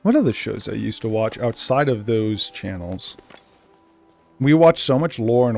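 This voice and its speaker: A man's voice: on the low side, measured pace, vocal fry, soft background music. Chatty young man with Boston accent. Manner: rambling and chatty, with bursts of excitement. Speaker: gaming channel host. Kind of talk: casual let's play commentary.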